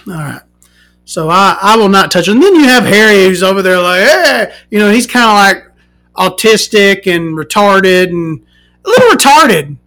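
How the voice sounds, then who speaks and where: A woman hosting a podcast, ranting casually and swearing, swinging from loud outbursts to muttering. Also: medium pitch, normal speed, faint music behind. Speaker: podcast host.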